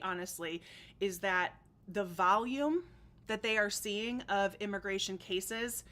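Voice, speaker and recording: Midwest chicago-accent woman on a livestream, bright voice, lots of ums, reading chat comments. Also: medium pitch. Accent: Upper Midwest, Chicago region. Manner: chatty, reads viewer comments aloud, many fillers. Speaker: livestream host. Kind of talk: casual livestream chat about politics.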